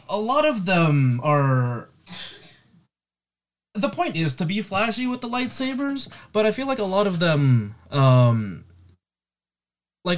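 Man explaining thoughtfully in casual chat. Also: medium pitch. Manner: thoughtful, measured explanation with hesitations.

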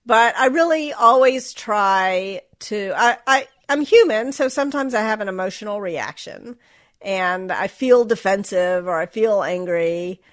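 A woman's voice: mid-range voice, a bit bright. A middle-aged woman from the American South, without a Southern accent, speaking as an interview guest in a reflective, self-deprecating way with frequent restarts. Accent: General American, Southern accent dropped. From Southern United States. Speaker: author and guest. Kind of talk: candid interview talk.

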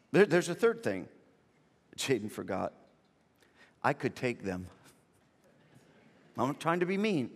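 Lively high-voiced preacher in a big hall. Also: male voice. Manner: animated, repetitive starts, comic exaggeration. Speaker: pastor. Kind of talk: sermon with personal storytelling. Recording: long reverb of a large hall.

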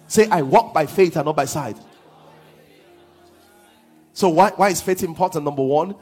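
A man preaching a sermon as pastor, swinging from hushed lines to half-sung shouts. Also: fairly high pitch, husky.

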